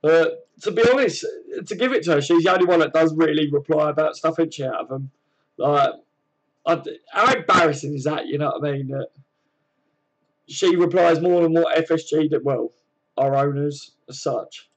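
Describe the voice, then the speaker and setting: A man's voice: fairly high pitch, moderate pace, rough recording. An English man hosting a casual fan live stream, chatting to viewers and answering their comments, calling them mate and laughing often.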